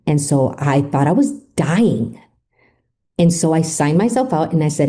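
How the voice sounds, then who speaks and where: A woman whose voice sits low and mellow speaks at a moderate pace as a podcast guest. She retells a personal story with emotion, acting out what people said to her.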